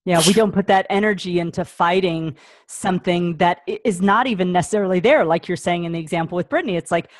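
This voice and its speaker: A woman's voice: lowish voice, fast talker, no echo. A woman hosting an interview as a parent coach, affirming her guest and reflecting her points back thoughtfully. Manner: affirming, frequent mm-hmms, thoughtful restarts.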